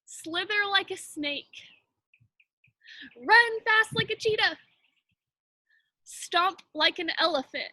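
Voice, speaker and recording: A woman's voice: very high voice, slow pace, pauses often, sharp tone, dry recording. A young woman leading children in a movement game, cheerful, calling out moves one by one. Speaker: children's ministry teacher.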